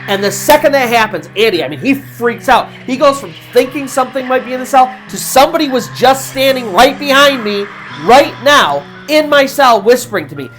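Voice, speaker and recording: A woman host narrating a horror story in a casual, conversational way, with pauses for suspense. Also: high voice, animated, soft background music. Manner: conversational, with fillers and restarts, dramatic pauses.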